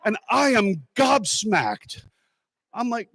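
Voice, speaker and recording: Animated man giving a comic ceremony speech. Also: on the high side, normal speed, no echo, clean studio sound. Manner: animated storyteller, jokey with sudden loud bursts. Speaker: awards ceremony speaker. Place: stage at an awards ceremony.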